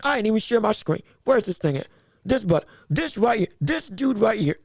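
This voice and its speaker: A man with a very high, gravelly voice hosts a casual livestream show. He talks excitably and rambles, repeating words. The sound is dry and close. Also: normal speed, dry recording. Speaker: boxing podcast host.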